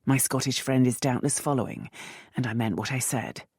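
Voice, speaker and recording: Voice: medium pitch, fairly even intonation, moderate pace, darkish tone, husky, no echo, clean studio sound, natural voice. A narrator voicing a commanding, sardonic aristocratic rake who speaks in a lightly mocking drawl.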